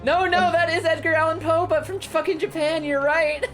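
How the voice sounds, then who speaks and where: A woman's voice: very high-pitched, steady tone, normal speed. A woman streaming a game, chatting casually with lots of swearing, giggles and exclamations, over game music.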